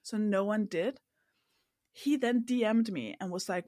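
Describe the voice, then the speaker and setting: A woman's voice: medium pitch, measured pace, dark tone, no echo, studio quality. A woman from Denmark, a comedian guest on a podcast, telling a story in casual chat and acting out the quoted people.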